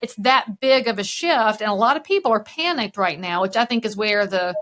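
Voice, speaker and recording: A woman's voice: medium pitch, fairly quick, slight background noise. A woman with a Southern US accent, a real estate broker talking frankly in a podcast interview. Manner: frank, lively storyteller.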